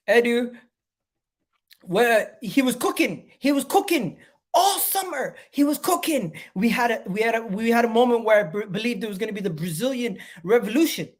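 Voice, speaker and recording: A man hosting a live fan stream, ranting in frustration and repeating his phrases again and again, swinging from loud outbursts to low muttering. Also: lively intonation, normal speed. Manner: exasperated, repeats phrases over and over. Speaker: fan channel host.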